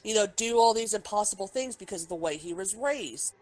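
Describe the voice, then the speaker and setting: A woman's voice: mid-range voice, expressive, brisk, a little mellow, rough recording. A woman co-hosting a casual review podcast, talking heatedly, swearing freely and firing off objections. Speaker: podcast co-host. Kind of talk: casual chat, episode review.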